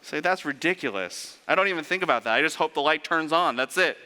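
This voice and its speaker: Animated preacher in a reverberant hall. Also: male voice, a little high, fast talker, clear, resonant tone. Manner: animated, rhetorical questions, sarcastic asides. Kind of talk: sermon. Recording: long reverb of a large hall.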